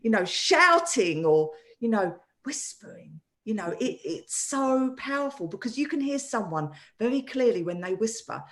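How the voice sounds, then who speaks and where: Brief: woman co-host, higher voice, lively swinging pitch, casual animated chat. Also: moderate pace, hardly any pauses. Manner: animated, laughs easily, many "you know" fillers.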